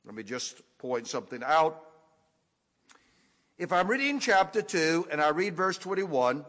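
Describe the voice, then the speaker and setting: A man preaching an expository sermon, teaching deliberately and leaning hard on key words. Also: fairly high pitch, sing-song, a bit bright. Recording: echoey hall with long reverb.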